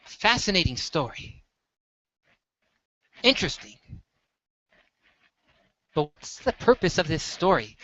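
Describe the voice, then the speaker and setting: A teacher telling a story to a class in a lively way, acting out the voices of the people in it. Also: mid-range voice, no room sound, muffled recording. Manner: animated storyteller, acts out the dialogue. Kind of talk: storytelling lesson.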